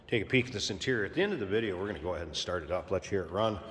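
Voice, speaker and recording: Car salesman, male, low voice, easygoing walkaround pitch, long reverb from a big room. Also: very fast, a little hiss or hum. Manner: relaxed, plainspoken, repeats key points.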